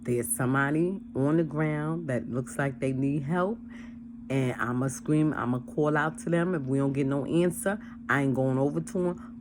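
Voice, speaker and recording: Over a noisy background comes a woman's extremely low-pitched voice. As a church member steering a casual chat, she keeps things plain, circles back to the same points, and animatedly plays out phone calls and dialogue.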